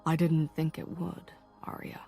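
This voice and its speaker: Hushed, raspy young male lover, as a woman narrator voices him, low and intimate. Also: a little slow, soft background music, heavily acted. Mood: hushed, intense. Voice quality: rough, raspy murmur. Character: young adult man, rough-voiced, intense and possessive lover.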